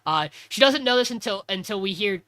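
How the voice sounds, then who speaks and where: A man hosting a podcast, casually recapping an anime episode in an animated way. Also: high voice, brisk, clean tone. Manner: animated, acts out character lines. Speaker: podcast host.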